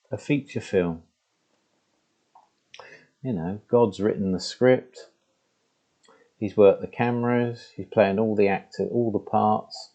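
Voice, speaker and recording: A man talks slowly into a laptop mic in a room at home. His voice is low, dark and gravelly, with a husky edge. He speaks in a halting, conversational way, often breaking off and starting again. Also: highs cut off. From England. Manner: halting and conversational, with many restarts and "you know". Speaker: spiritual teacher. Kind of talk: reflective spoken monologue to camera. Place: room at home with the door open. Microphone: laptop microphone.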